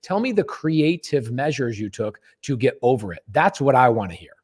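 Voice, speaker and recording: A man's voice: mid-range voice, sing-song, normal speed, darkish tone, husky. A man hosting a podcast, telling a story in a blunt, emphatic way and swearing freely. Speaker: podcast host. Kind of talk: casual storytelling.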